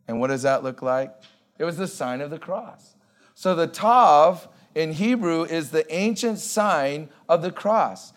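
A male pastor preaching a sermon in an emphatic way, repeating key words and slowing down to stress them. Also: a little high.

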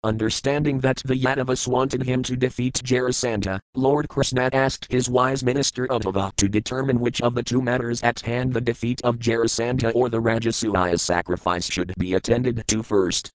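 A man giving a measured, formal reading of scripture, reciting verses and then their translations. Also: medium pitch, steady tone, dry recording, rough recording. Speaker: scripture reader.

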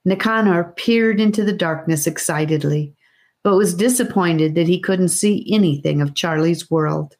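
A woman narrating a children's fantasy audiobook in a steady, careful reading voice. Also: sits low, unhurried, vocal fry. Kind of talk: scripted narration.

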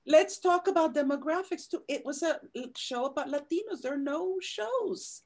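A woman with a slightly raised pitch who speaks with emphasis and enthusiasm in a casual panel chat. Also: animated, moderate pace, darkish tone. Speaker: actress.

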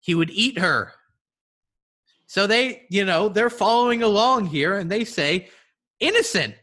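A man's voice: high voice, unhurried, bright, forceful tone. A man riffing playfully in a casual comedic podcast chat. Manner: riffing, playful, slips into silly voices.

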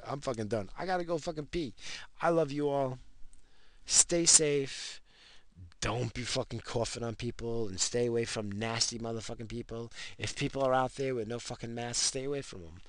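Gravelly, profane man ranting. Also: mid-range voice, a bit bright, no echo. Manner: profane, rambling, tipsy. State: drinking. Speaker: vlogger ranting to camera. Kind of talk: profane late-night rant.

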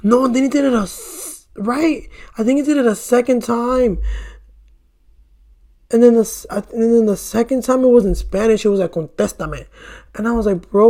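A man's voice: high-pitched, darkish tone. Chatty young man telling a dating story. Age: young adult. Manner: chatty and rambling, with frequent swearing and "bro". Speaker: vlogger. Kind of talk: casual storytelling while doing makeup.

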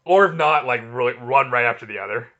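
Brief: forceful bright-voiced man, enthusiastic rambling podcast co-host, muffled mic. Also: mid-range voice, quick pace. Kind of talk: casual chat.

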